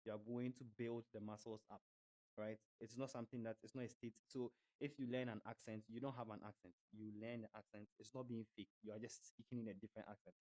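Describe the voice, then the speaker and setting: A man's voice: on the low side, flat delivery, fast talker, warm tone, poor audio. A young man from Ghana with a Ghanaian accent, talking casually as a podcast guest, chatty, laughing easily and repeating words as he restarts. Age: young adult. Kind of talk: casual interview chat.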